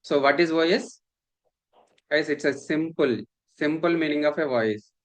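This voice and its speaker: A male instructor with a fairly high voice lectures a class a little slowly. He repeats points and keeps asking the students whether they follow.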